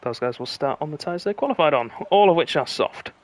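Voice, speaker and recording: A man commentating live on an online racing stream, calling the action in a brisk play-by-play manner. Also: a little high. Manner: brisk play-by-play, rising excitement at close finishes. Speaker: lead commentator.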